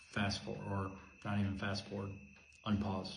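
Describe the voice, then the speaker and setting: Guy talking low and flat, intense and repetitive, echoey room w/ faint hum behind. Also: normal speed, vocal fry. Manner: intense, repetitive, swings from urgent emphasis to hushed. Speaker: video host. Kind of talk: emotional personal monologue.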